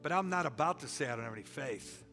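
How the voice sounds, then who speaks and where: A man's voice: mid-range voice, animated, quick pace, bright, forceful tone, faint music behind. A middle-aged man preaching a sermon with a folksy, joking and emphatic delivery. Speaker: pastor.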